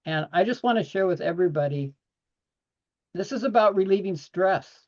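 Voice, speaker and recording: A man's voice: high voice, expressive, moderate pace. A man speaking as a guest on a panel discussion over a video call, earnest and expansive, laughing often as he talks. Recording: dull lo-fi audio.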